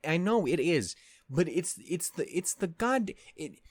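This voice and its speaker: A man rants in an animated, mock-outraged way, and his pitch swings widely as he goes. He swears freely and rambles, trips over restarts, then circles back to his point. The sound is dry and close, with no room echo. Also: a little slow. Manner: rambling with many fillers and restarts. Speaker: anime discussion host. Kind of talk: casual rant.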